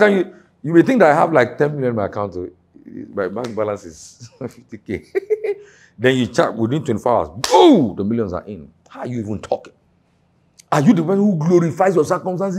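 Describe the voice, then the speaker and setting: A pastor preaching a sermon, dropping to low murmurs and then rising to shouted exhortation. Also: male voice, very animated, fairly quick, husky.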